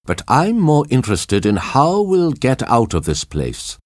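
A man's voice: on the low side, wildly swooping pitch, measured pace, no room sound, studio quality, pitched above the performer's own voice, exaggerated voice. A man voicing a rude, selfish plane owner who complains without stopping, read in a storybook. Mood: irritated.

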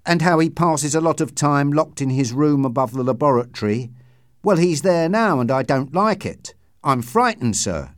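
A fearful, deferential old manservant, as a male reader puts him on, pitched up and loud with anxiety. The sound is dry and close. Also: expressive, moderate pace, no room sound, lightly acted. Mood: frightened. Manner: deferential, anxious, keeps saying sir. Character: frightened old male servant, long-serving, deferential.

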